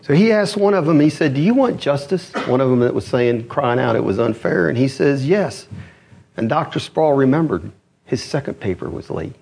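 A male pastor preaching a sermon, telling a story with quoted voices and swinging from raised to low, quiet delivery. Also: moderate pace, gravelly, a little hiss or hum. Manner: rising and dropping pitch, animated storytelling with quoted voices. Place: church.

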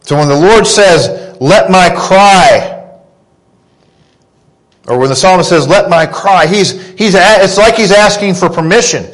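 A man in his thirties preaching a sermon, earnest and deliberate, rising in pitch when he quotes scripture. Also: low-quality recording. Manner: slow, earnest preaching with emphatic rises on quotes. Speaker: pastor.

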